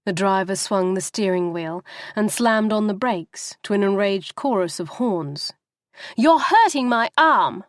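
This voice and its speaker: A woman narrating a novel in a steady, even storytelling manner, close to the microphone. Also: mid-range voice, measured pace, no room sound. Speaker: audiobook narrator.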